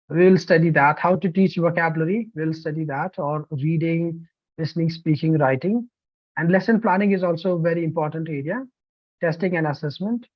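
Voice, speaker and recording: A man, a language-teaching trainer, presenting an online course in an animated, emphatic way with frequent fillers. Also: on the high side, no echo, lo-fi sound. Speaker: TEFL trainer.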